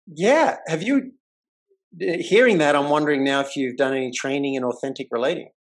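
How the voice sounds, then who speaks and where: A man with a voice on the high side speaks at normal speed while hosting a podcast. He relates a story casually, acting out the voices of its characters with animation.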